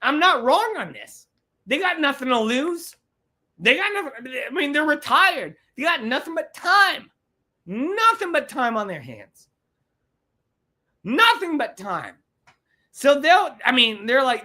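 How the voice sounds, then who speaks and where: A woman's voice: high-pitched, big pitch swings, slow pace, sharp tone. A woman hosting a livestream podcast, ranting with lots of swearing and repetition. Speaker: podcast host.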